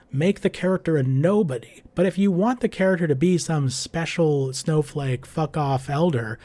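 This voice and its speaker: A man's voice: on the high side, a little mellow. A man giving a profane, exasperated casual rant about a video game.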